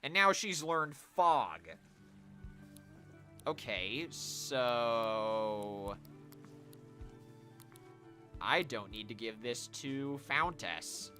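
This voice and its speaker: A man commentating his own game stream in an easygoing, unhurried way. His voice is bright and his pitch moves around a lot as he reacts. Quiet music runs underneath. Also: expressive. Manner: chatty, talking to viewers while playing. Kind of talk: casual live-stream commentary.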